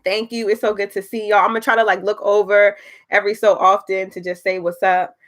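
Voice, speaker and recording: A young woman hosting her podcast on a livestream, chatting in an excitable, slangy way that is close to tears of joy. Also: medium pitch, brisk. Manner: excitable, laughing, emotional, slangy. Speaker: podcast host. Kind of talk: casual livestream chat.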